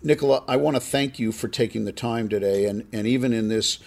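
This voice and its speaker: A man's voice: mid-range voice, a little fast, vocal fry, a little mellow. A man hosting a podcast, chatting effusively with his guest and often stumbling over restarts. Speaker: podcast host. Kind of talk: casual interview chat.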